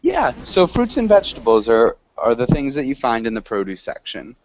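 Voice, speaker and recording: A man teaching an online English class, encouraging his students, laughing often and correcting them slowly. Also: medium pitch, wildly swooping pitch, dull audio.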